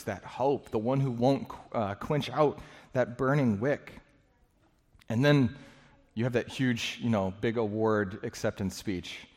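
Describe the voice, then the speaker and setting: Male pastor, mid-pitch, earnest conversational sermon, recorded with long church-hall reverb. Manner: earnest, conversational preaching with restarts and dramatized quotes.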